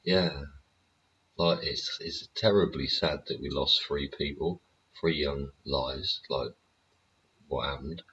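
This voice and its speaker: A man's voice: extremely low pitch, fairly even intonation, slow pace, a bit bright, a little hiss or hum. A man hosting his show in a casual, rambling rant, swearing freely and tossing in tag questions. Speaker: show host. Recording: dull lo-fi recording.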